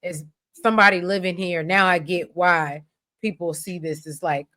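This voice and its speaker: Bright, animated American woman recapping. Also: on the low side, normal speed. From United States. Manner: animated, rambling, expressive storytelling. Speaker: podcast co-host. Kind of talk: casual recap chat.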